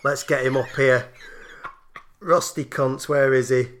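A man's voice: medium pitch, flat delivery, moderate pace, slight background noise. A man with a Lancashire accent co-hosting a casual chat, swearing and riffing on funny names. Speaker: podcast co-host.

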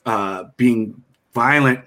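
A man's voice: mid-range voice, slow pace. A man, a comedian guest, telling stories from his career with lots of laughing in a podcast interview. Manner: animated, laughing storyteller.

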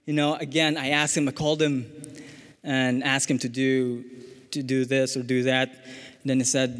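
A young man sharing a personal testimony in church, speaking earnestly and haltingly with fillers and restarts. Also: mid-range voice, level tone, big-room sound.

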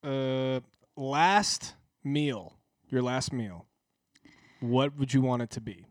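Guy hosting a podcast, relaxed, asking quick questions, dry close sound. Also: medium pitch, dry recording. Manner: easygoing, asks questions. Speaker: podcast host. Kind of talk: casual interview.

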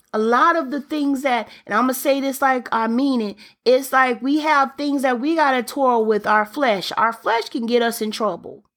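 A woman's voice: fairly high pitch, fairly bright tone. A woman preaching a sermon in an emphatic, repetitive way, returning to key phrases for emphasis.

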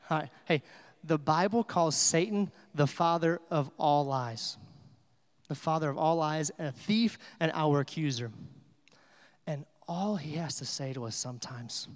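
A man's voice: a little high, measured pace, long reverb tail. A man preaching a sermon in a church, telling stories in a loose conversational way with many fillers. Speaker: pastor.

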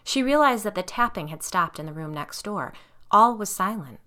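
A woman reading an audiobook in a measured, suspenseful narration. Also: medium pitch, lively intonation, pushed and bright.

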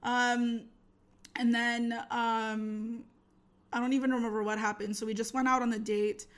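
A woman's voice: fairly high pitch, little pitch movement, a little slow, smooth. A young woman telling a story in casual, slangy chat, acting out the voices of the people she quotes.

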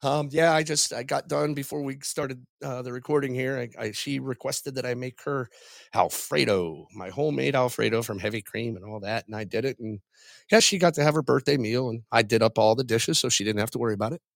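A middle-aged man tells his faith testimony as a podcast guest, pausing and restarting often as he speaks from the heart. His mid-pitched voice has a gravelly, creaky edge. The sound is dry and close. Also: no room sound. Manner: halting and heartfelt, with frequent pauses and restarts.

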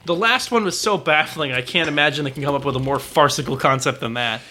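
Bright, stammering man in casual chat. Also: a little high, fast talker, a little hiss or hum. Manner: stammering, many restarts and fillers. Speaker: podcast co-host.

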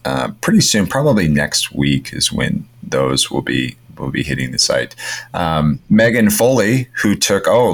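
A man's voice: low voice, fairly bright tone. A man co-hosting a podcast in casual chat, upbeat and rambling, with lots of fillers and restarts. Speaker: podcast co-host.

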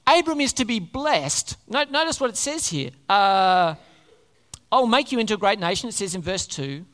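A preacher giving a sermon to a live congregation, talking in an animated way and often putting questions to the listeners. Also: mid-range voice, moderate pace. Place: large hall before a congregation. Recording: long hall reverb.

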